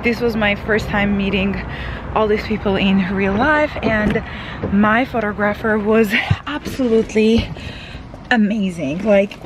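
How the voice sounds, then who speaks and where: A woman's voice: medium pitch, fairly even intonation, unhurried, background noise. A woman vlogging casually from inside her car, chatty and rambling with lots of fillers, a bit out of breath, recorded on a phone. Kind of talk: casual vlog chat.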